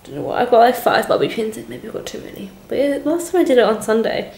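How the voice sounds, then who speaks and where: A woman's voice: a little high, quick pace, creaky, a little mellow, husky. A young adult woman working as an au pair, talking in a rambling, chatty and heartfelt way in a casual vlog from indoors at home. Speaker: au pair vlogger.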